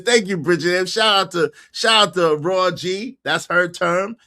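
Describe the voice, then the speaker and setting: A man hosting a casual livestream chat, bantering loudly and giving shout-outs to viewers. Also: high-pitched, a little slow, hardly any pauses. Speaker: livestream show host.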